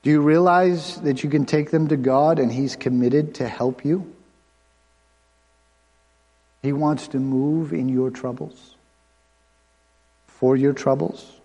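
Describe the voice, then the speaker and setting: A man preaching a sermon as pastor, conversational, with quick asides and bursts of fast talk. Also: medium pitch, fairly even intonation, warm tone. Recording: long hall reverb.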